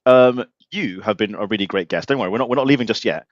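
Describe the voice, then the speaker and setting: A man's voice: on the low side, fast talker, no echo, dull audio. A man hosting a casual live show, talking bluntly and animatedly and swearing freely. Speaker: podcast host. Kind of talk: casual livestream chat.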